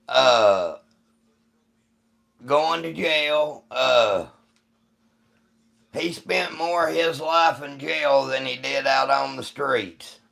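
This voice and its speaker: A man from the United States hosts a live stream and rambles through a profane story for his chat. His voice is heavily gravelly, with a bright, forceful edge, and he takes his time. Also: fairly high pitch. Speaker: livestream host.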